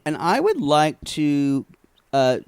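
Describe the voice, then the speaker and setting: A man's voice: on the high side, wildly swooping pitch, slow, smooth, no room sound, studio quality. A man co-hosting a podcast in a campy, playful casual chat, often breaking off with apologetic asides. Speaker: podcast co-host.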